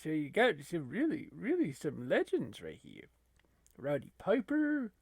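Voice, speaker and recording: A man playing a gravelly, teasing gamer buddy. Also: a little high, wildly swooping pitch, unhurried, a little mellow, dry recording, heavily acted. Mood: chatty. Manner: teasing, easygoing, repeats phrases. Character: laid-back buddy gamer, needling and chatty. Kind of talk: comedy gaming sketch.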